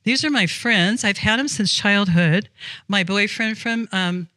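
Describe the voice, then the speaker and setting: A woman's voice: medium pitch, measured pace, sharp tone, no room sound. A woman voicing a selfish young wife in a spoken anecdote, insistent and defiant.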